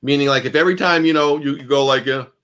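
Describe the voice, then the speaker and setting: A man giving a master class on guitar in a relaxed, conversational way. He repeats phrases for emphasis and swings between loud and soft. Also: medium pitch, fast.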